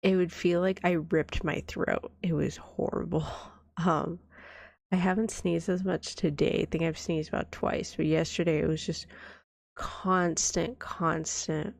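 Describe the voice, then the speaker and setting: A woman speaks in a whispered role-play, nursing a cold that leaves her coughing. She talks slowly and drifts off mid-thought, her voice carrying a gravelly fry. The close microphone sounds dry, with no room in it. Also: on the low side, fairly even intonation, no room sound. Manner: soft-spoken, rambling, trailing off. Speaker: vtuber streamer.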